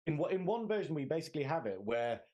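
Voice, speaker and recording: A man's voice: fairly high pitch, big pitch swings, fast, mellow. A man with a Northern English accent co-hosting a film podcast, chatting casually and animatedly, acting out characters' lines and laughing often. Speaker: podcast co-host. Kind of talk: casual film discussion chat.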